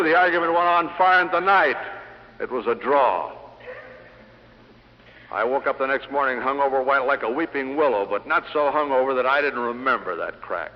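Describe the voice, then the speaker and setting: A man's voice: medium pitch, normal speed, in a large hall, highs cut off. A man giving a speech on selling to a live audience, telling stories in a punchy way with rhetorical questions, in an old vinyl recording. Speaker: sales speaker. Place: large hall.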